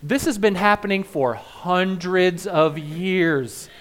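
A man's voice: sits high, slow pace, fairly bright tone. A man giving a comedic monologue, full of playful joking asides. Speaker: comedic speaker.

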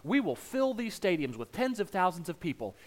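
Lively Southern American man preaching. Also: sits high, fairly quick. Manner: humorous, folksy storytelling with crowd asides. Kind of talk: sermon.

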